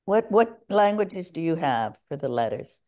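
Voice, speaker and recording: A woman's voice: low voice, sing-song, normal speed, a little mellow. A woman in an online meeting talking in a playful, coaxing way, drafting others to help. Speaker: meeting participant. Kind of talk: casual online meeting talk.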